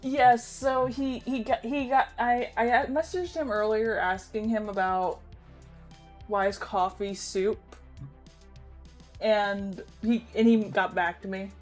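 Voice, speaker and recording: A woman's voice: medium pitch, slow pace, darkish tone, faint music behind. A woman hosting a casual reaction livestream, rambling and correcting herself, laughing easily. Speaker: streamer host.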